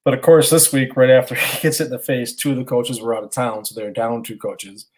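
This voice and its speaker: A father in his thirties, co-hosting a casual podcast, spins a long story in a middle-pitched voice at a slightly fast clip. He rambles earnestly, halting and restarting sentences along the way.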